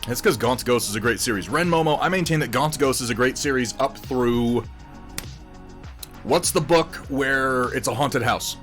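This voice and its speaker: A man chatting casually on a livestream, rambling and laughing between thoughts, with swearing. His pitch sits in a typical middle range, and faint music plays underneath. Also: normal speed, a bit bright. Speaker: livestream host painting miniatures.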